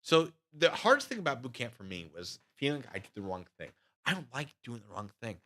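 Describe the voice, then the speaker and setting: A man's voice: medium pitch, fairly quick. A man in his thirties telling army training stories to his live chat in a casual way, acting out the other voices. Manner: animated, acts out voices with loud shouts. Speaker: channel host recounting army training.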